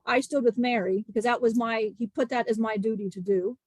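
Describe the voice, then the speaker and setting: A woman channeling the spirit of an ancient male disciple, telling a grieving testimony in halting, emotional bursts with many restarts. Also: on the high side, steady tone, darkish tone, dry recording, natural voice. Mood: solemn.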